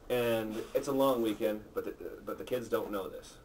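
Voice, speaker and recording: A man's voice: on the low side, a little hiss or hum. Crude man telling jokes, far from the mic. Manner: crude, swears freely, acts out characters. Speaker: joke teller. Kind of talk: telling dirty jokes among friends. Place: apartment.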